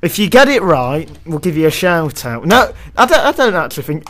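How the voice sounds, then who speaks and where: A man's voice: on the high side, very animated, brisk, a bit bright. A young man co-hosting a casual podcast, joking and laughing often at his own lines. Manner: jokey, self-mocking, laughs often. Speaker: podcast co-host.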